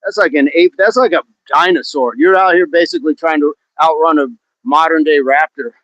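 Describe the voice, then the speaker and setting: A man with a slightly high, fairly bright voice talks briskly while hosting a fitness livestream outdoors. He cracks jokes, chats and laughs a lot as he reads comments from viewers. The sound is dull, dry and lo-fi, with no echo.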